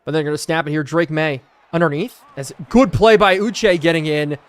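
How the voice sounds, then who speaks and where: A young man with a slightly high voice calls the action of a football video game live. He is excitable and chatty and breaks off mid-play to answer his viewers. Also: moderate pace, clean tone, no room sound. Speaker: gaming streamer. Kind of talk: live gameplay commentary with chat.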